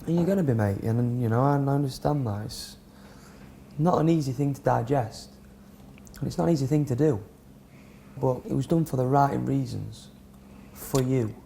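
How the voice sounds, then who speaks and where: A man gently reassuring an upset housemate, rambling a little as he talks him round. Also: mid-range voice, moderate pace, creaky, a little hiss or hum. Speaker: fellow housemate. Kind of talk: reassuring casual talk.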